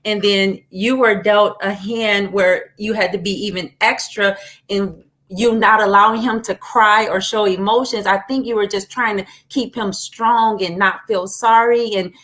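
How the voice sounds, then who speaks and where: A woman hosting a livestream interview, talking in an encouraging, animated way. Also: medium pitch, measured pace. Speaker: host.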